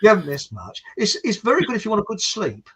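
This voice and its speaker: Husky guy rambling thru a funny story, voice goes up and down loads. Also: sits high, wildly swooping pitch, fast talker, fairly bright tone. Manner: rambling, jokey, breaks into asides. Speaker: podcast host. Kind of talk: casual storytelling chat.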